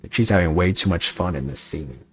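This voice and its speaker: A man's voice: sits low, a little fast, over music. A man streaming himself reading a game aloud, reacting playfully with some swearing. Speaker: VTuber streamer.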